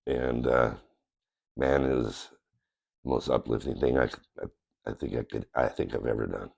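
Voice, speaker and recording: A man's voice: rumbling low, fairly even intonation, normal speed, creaky, a little mellow, breathy edge. A man with a nasal voice from a cold, telling his personal faith story to his channel in an earnest, plain-spoken, rambling way. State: recovering from a cold. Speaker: channel host. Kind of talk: casual personal testimony to camera.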